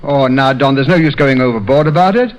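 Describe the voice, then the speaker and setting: A man's voice: mid-range voice, brisk. A British man as a radio comedy guest, trading banter in a dry, rueful, self-deprecating way. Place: radio studio. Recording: dull 1930s radio broadcast.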